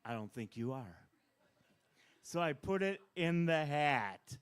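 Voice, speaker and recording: Guy doing standup at an open mic, roping in a volunteer, dry jokes, clean clear voice. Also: a little high, slow pace. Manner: playful, bossy with volunteers, deadpan asides. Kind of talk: live stand-up with audience volunteer. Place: live bar open mic. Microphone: handheld stage mic.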